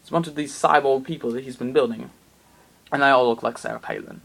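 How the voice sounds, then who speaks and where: A man telling an absurd comic story in a rambling, excitable way with plenty of fillers. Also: medium pitch, quick pace, gravelly, husky.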